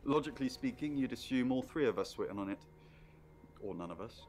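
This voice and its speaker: An actor playing a suave, evasive man under suspicion in a video game, smooth and wry. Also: mid-range voice, lively intonation, fast talker, a little mellow, a little hiss or hum, close to an everyday voice.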